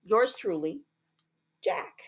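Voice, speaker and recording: A woman's voice: medium pitch, animated, extremely slow, husky, full character voice. A woman reading the letters of a sulky young schoolboy who writes stubborn, defensive apologies. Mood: grudging.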